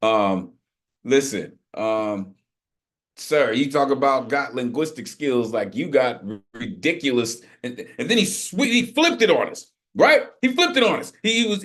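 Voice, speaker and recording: A man hosting an online open mic over a video call, talking with energetic, emphatic hype. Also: medium pitch, normal speed. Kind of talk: hyping up performers on a video call.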